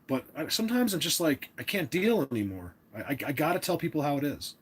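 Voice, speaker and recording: A man's voice: fairly high pitch, very animated, fast, breathy edge. A man hosting a casual livestream, talking to his chat in an opinionated, rambling way with many restarts. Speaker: livestream host.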